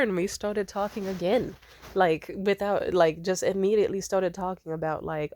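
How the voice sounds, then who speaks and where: A woman's voice: mid-range voice, normal speed, no room sound, studio quality. A young woman telling a long personal story in a casual vlog, rambling and cursing, acting out both sides of the conversation. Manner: rambling, profane, animated quoting of others. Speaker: vlogger.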